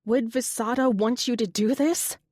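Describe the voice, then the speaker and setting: In an audiobook, a woman performs a caring young woman who speaks with urgency and emotion, pitching her voice a bit higher than her own while keeping it close to everyday speech. The tone is slightly high and a little mellow, with fairly even intonation and a moderate pace. The recording is dry and clean, with studio sound.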